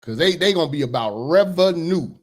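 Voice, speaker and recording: Man, angry rant, profane commentary, pitch swinging up and down, slightly high voice. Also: expressive, brisk. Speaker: commentary host. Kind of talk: ranting commentary.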